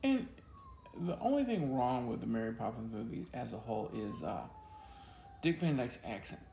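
A man with a gravelly, dark voice co-hosts a relaxed chat, full of jokes and teasing asides. The room is echoey, with a faint hiss behind him. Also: mid-range voice, normal speed. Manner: joking, teasing, Southern "y'all". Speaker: podcast co-host. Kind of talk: casual chat.

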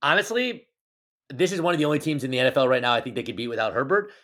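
A man's voice: mid-range voice, rapid-fire. Teasing male podcast co-host. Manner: teasing, jokey, animated banter. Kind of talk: casual sports chat.

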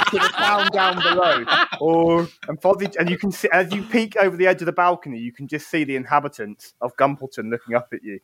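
A man's voice: on the high side, a bit bright. A man narrating a tabletop game as game master, in a theatrical storytelling manner.

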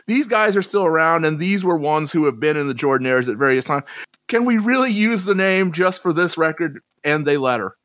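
A man's voice: fairly high pitch, lively intonation, a little fast, a bit bright, dry recording. A man co-hosting a podcast, chatting casually about old chart songs with asides. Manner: chatty, conversational, trails into asides. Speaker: podcast co-host.

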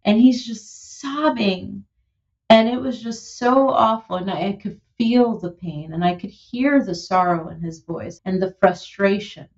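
A woman in her thirties, a musician being interviewed, talking in an animated, heartfelt way with lots of "like" and "you know". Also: mid-range voice, highs cut off. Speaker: musician and producer, guest. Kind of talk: conversational interview.

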